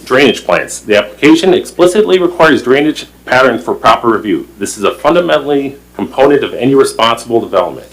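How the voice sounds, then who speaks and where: Husky man reading a formal statement. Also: mid-range voice, rough recording. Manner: formal, emphatic, stumbles over words now and then. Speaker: plan commission member. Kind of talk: reading a prepared statement at a public meeting. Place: town meeting room.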